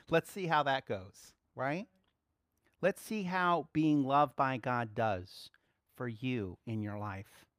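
A man preaching a sermon, swinging between soft, quiet asides and loud, excited exclaiming. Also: mid-range voice, takes it slowly, no echo, studio quality.

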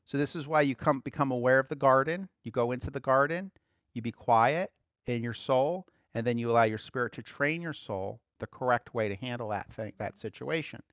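A man giving conversational Bible teaching as a preacher, relaxed, laughing lightly and repeating key phrases. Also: mid-range voice, brisk, no room sound, studio quality.

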